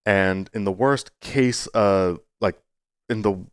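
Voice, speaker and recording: A man talking to his viewers in a casual, rambling way, earnest but playful, with sudden jumps into a high voice. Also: slow, clear, resonant tone, no room sound, studio quality. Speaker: YouTuber. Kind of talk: casual talking-to-camera monologue.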